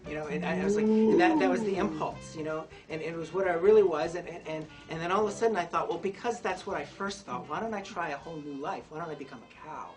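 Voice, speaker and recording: A woman who grew up in Tunisia telling a rambling, halting story to a live audience, with many restarts and bursts of laughter. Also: low voice, music in the background.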